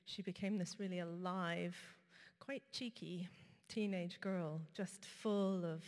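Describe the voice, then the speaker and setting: A woman preaching a sermon, telling a personal story in a conversational way with frequent pauses and fillers. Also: fairly low pitch, fairly even intonation, a little mellow. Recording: reverberant hall.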